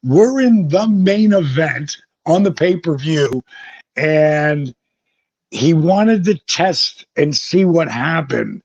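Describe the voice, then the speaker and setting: A man with a fairly high, husky voice tells wild stories in an interview, swearing freely and jumping into the voices of the people he quotes. The sound is dry and close, with a dull, lo-fi edge. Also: animated, slow, a little mellow, dry recording. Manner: vivid, profane storytelling that acts out quoted voices. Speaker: guest, former pro wrestler. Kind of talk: animated storytelling interview. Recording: dull lo-fi recording.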